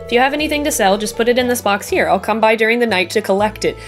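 A woman's voice: fairly high pitch, racing, faint music behind, natural voice. A woman reading the lines of a genial older male town mayor in a video game, folksy and welcoming.

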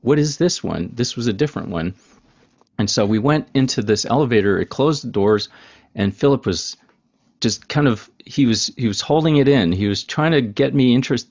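A man's voice: fairly low pitch, darkish tone, highs cut off. A man hosting a podcast, telling a story in an easygoing way with fillers. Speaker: podcast host. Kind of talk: casual interview chat.

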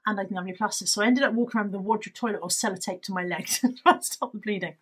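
Talking rapid-fire in a mid-range, slightly bright and slightly rough voice, a woman shows off a shopping haul in her vlog. She's chatty, rambling and self-deprecating, recorded roughly by a camera on the table at her home.

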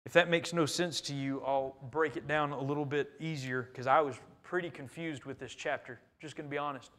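A man preaching a sermon in a church, earnest and emphatic, swinging between loud and quiet. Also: fairly high pitch, steady tone, a little fast. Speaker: pastor. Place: church sanctuary.

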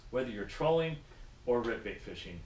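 A man chatting casually about fishing, an animated storyteller who acts out other people's lines. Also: medium pitch, moderate pace. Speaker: guest angler. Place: in a car on the road. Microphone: action camera. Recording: echoey and distant, faint noise.

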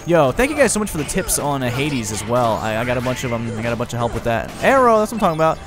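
Young man, excitable gaming commentary, lively pitch, faint game music behind. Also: rapid-fire. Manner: excitable, chatty, laughs often. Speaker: gaming video host. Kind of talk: casual let's-play commentary.

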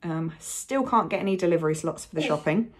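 A woman's voice: fairly low pitch, fairly quick, breathy edge. A young woman in a casual vlog, talking frankly and a little wearily, rambling with fillers and the odd swear word. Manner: rambling, frank, sweary, talks in baby voice to her child. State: unwell, hiccups. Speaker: vlogger.

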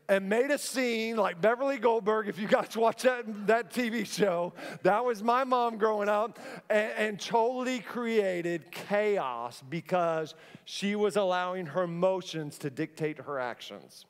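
A man preaching a sermon from a church stage, an animated storyteller who acts out the scenes he describes. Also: high-pitched. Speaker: pastor. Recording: long church hall reverb.

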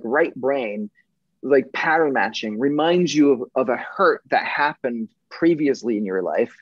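A man with a husky, slightly high voice talks in a casual podcast chat. He is emphatic and swears freely, moving between punchy intensity and soft coaching. The sound is dry and a bit dull, like lo-fi remote audio. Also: dry recording. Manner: emphatic, profane, animated, swings between intense and gentle. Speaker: podcast guest. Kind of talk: casual conversation.

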